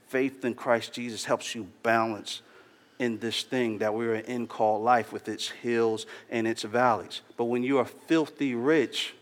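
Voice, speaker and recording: A man preaching a sermon in a casual, slangy, earnest storytelling way, addressing his church. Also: medium pitch. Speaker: pastor. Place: church hall. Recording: long hall reverb.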